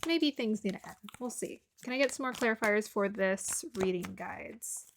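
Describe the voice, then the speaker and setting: A woman's voice: medium pitch, normal speed, a little hiss or hum. A woman giving a casual tarot reading to her viewers, musing aloud, laughing often and sometimes dropping to a murmur. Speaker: tarot reader.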